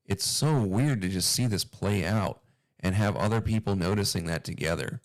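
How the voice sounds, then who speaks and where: Low, smooth male commentator with a dry close sound, casual and rambling with frequent swearing. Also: moderate pace, no room sound. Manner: rambling, profane, uneasy. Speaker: commentary video host.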